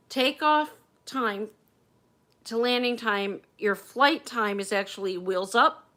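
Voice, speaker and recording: A woman's voice: a little high, a bit bright. A woman chatting candidly on a casual livestream from her phone at home, swearing freely as she talks. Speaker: livestream host.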